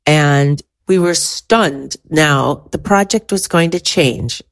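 A middle-aged woman retelling a personal story, animated and full of quoted dialogue. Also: deep voice, takes it slowly, no echo. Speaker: guest storyteller.

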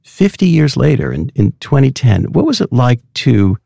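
A man's voice: mid-range voice, big pitch swings, moderate pace, vocal fry, dark tone, no echo, clean studio sound. A man interviewing a guest, asking curious, probing questions.

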